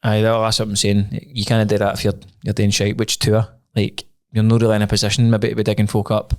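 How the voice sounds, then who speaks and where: Fast-talking Scottish man. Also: on the low side, monotone, a little mellow. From Scotland. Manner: quick, rambling, swears freely. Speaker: podcast co-host. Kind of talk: casual chat.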